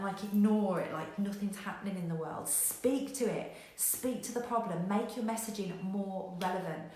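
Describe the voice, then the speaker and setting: A woman business coach giving a motivational talk, energetic and direct, who acts out panicked voices and swears casually. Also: mid-range voice. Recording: very echoey room.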